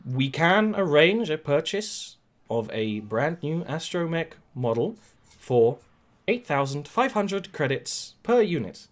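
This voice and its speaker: A man's voice: a little high, sing-song, takes it slowly. A man voicing a formal protocol translator droid in a tabletop game, speaking in a prim, stiff way.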